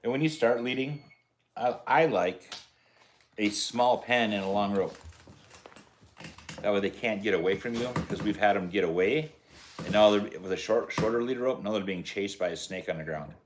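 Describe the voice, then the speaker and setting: Middle-aged man, very deep voice, laid-back co-host with dry jokes. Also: normal speed, noisy background. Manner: easygoing, joking, affirming. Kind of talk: casual live talk.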